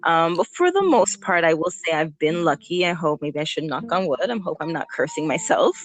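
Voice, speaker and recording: A young adult woman, a newborn photographer, chatting as a guest in a casual podcast interview, animated and laughing often, with frequent ums. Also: sits low, fairly quick.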